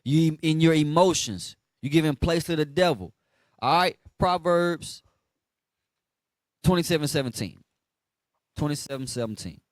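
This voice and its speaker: A man's voice: on the high side, a little slow, long pauses, dry recording. A man preaching a street sermon, blunt and slangy, asking listeners to finish the verses.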